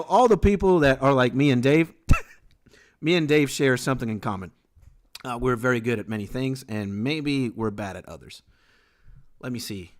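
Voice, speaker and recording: A man from Venezuela whose first language is Spanish, chatting casually on a livestream, reading out chat and answering with boastful jokes and swearing. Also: medium pitch. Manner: boastful, joking, swears freely. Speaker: streamer and beat maker.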